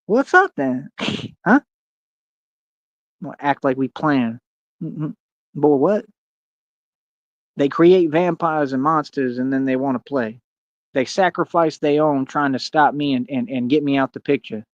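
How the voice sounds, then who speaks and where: A man's voice: mid-range voice, steady tone, measured pace, long pauses, no echo. Man, streamer rant, confrontational, boastful, slangy, muffled lo-fi audio, dry. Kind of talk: ranting monologue to camera.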